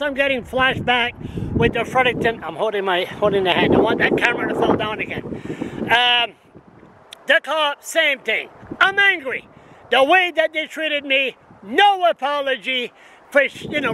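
A man in his sixties ranting to a camera on a stand outdoors, agitated and rambling, repeating himself, with wind and traffic around him. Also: very high-pitched. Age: 60s. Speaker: vlogger. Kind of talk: casual rant to camera. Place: outdoors in windy town street with traffic. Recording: outdoor street noise and wind.

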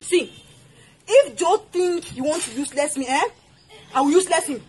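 Woman playing a shrill betrayed Cameroonian wife. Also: moderate pace, a little mellow, slight background noise, natural voice, poor audio. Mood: frantic. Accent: Cameroonian English. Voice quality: shrill, wailing outbursts. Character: loud betrayed wife, dramatic and fiery. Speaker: comedian. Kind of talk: comedy sketch acting.

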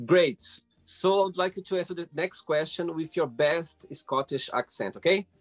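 Higher-voiced encouraging male host. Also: moderate pace, faint music behind. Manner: encouraging, laughs often, loose phrasing. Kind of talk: casual interview. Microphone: video call.

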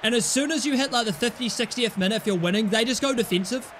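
A young man commentating his own football gameplay, excitable, yelling and swearing at the game. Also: very high-pitched, fast talker, slight background noise. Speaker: gaming YouTuber.

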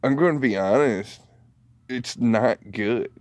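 A man ranting casually into the camera, rambling from point to point and swearing freely as he goes. He talks at an unhurried, drawn-out pace in a middle-pitched voice. The sound is dry and close, with no room echo. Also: darkish tone. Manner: profane, rambling, laughs often. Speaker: vlogger.

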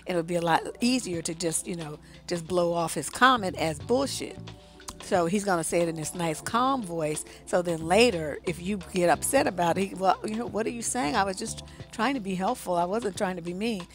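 Blunt, profane woman relationship coach. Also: lowish voice. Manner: conversational, addresses the audience directly. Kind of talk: casual advice monologue.

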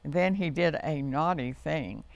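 A middle-aged woman hosting a children's TV story hour, reading a picture book aloud in an expressive, lilting manner, recorded in a TV studio. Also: deep voice, a little slow, gravelly.

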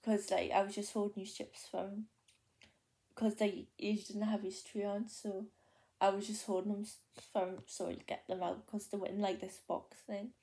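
A young Geordie woman chats to her camera and tells a long story from her day, looping back with plenty of ums, likes and restarts. Her voice is mellow and soft, never sharp. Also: mid-range voice, little pitch movement, moderate pace. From North East England. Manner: rambling, many fillers and restarts. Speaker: vlogger. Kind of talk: casual chatty storytelling.

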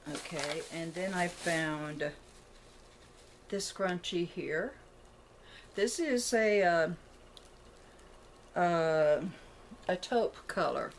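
A woman with a somewhat low voice talks casually to a camera set up on a tripod in her home, rambling and thinking aloud as she shows off her shopping haul. The recording carries a steady, clearly audible noise in the background. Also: drawn-out words, pauses often. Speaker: vlogger showing a shopping haul. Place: indoors at home, room with a closet.

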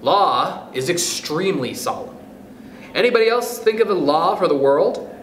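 A man's voice: high-pitched, lively intonation, normal speed, pitched above the performer's own voice. A man reading a storybook, voicing an earnest, fussy little male mouse who speaks solemnly and lectures. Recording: echoey room, faint background noise.

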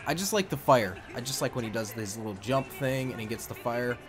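A man's voice: medium pitch, a little fast, soft background music. A man giving casual, jokey gameplay commentary while playing a wrestling video game, swearing and rambling.

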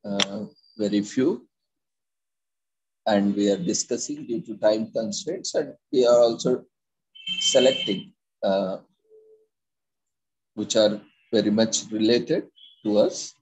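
A man presenting an informative talk. He reads in a measured way, with hesitant fillers and restarts. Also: fairly low pitch, expressive, a little mellow, slightly rough, low-quality recording. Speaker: presenter of a daily topic segment.

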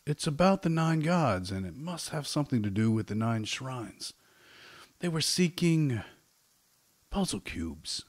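A man doing Orvex, a high fussy traveler. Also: sing-song, measured pace. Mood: earnest. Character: hungry fussy male traveler, chatty storyteller.

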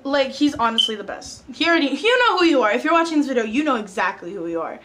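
A teenage girl vlogging to her viewers, retelling an annoying exchange in a chatty, animated way. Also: high-pitched, quick pace, a little hiss or hum. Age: teens. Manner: talks straight to viewers as "guys". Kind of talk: casual storytime vlog.

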